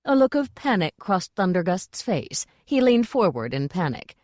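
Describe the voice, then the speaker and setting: A woman reading an audiobook in a measured storytelling manner. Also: medium pitch, sing-song, darkish tone, dry recording, studio quality. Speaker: audiobook narrator. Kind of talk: scripted audiobook narration.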